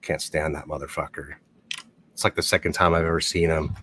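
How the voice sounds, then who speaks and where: A man's voice: very deep voice, flat delivery, fairly quick, a bit bright, a little hiss or hum. A man hosting a casual livestream, swearing freely and rambling as he talks through gossip. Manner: profane, rambling, blunt. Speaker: livestream host.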